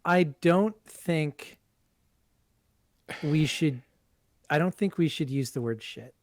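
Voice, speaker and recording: A man's voice: on the high side, takes it slowly, no echo. A man co-hosting a casual livestream, joking in dry, teasing banter. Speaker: co-host and staff member.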